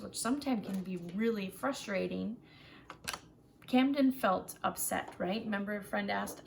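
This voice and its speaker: A woman teaching a children's social skills group online, talking in a gentle, encouraging way and often checking in with "right?". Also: medium pitch, measured pace, creaky, a little hiss or hum. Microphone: home computer mic for a virtual class.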